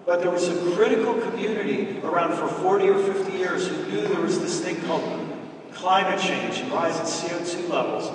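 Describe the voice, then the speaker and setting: A man's voice: high voice, normal speed. A middle-aged man giving an earnest, preaching-style talk to a church audience, telling stories and calling them brothers and sisters. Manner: earnest, storytelling, addresses listeners as brothers and sisters. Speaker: speaker at a church event. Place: large dinner hall. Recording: echoey hall from far off, with noise.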